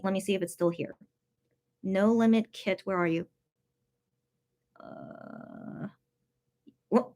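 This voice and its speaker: Excitable higher-voiced young woman. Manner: excitable, swings between loud outbursts and soft mutters. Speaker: livestream host reading viewer chat. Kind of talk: casual live-stream chat.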